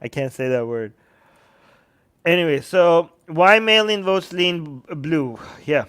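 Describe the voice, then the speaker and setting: A man with a high, smooth and clear voice hosts a live-stream commentary. He reads news snippets aloud, breaks off to answer viewer comments and slips into mocking impressions of people. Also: animated, slow, a bit bright. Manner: sarcastic, mocking impressions of others. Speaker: host.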